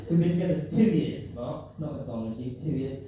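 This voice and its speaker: Stand-up guy, bouncy up-and-down delivery, heard far off in a boomy room with a noisy crowd. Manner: animated, laughing through lines, repeatedly addressing an audience member. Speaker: stand-up comedian. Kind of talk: stand-up storytelling and crowd work. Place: live comedy venue. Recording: echoey live venue from far off. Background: audience laughter and room noise.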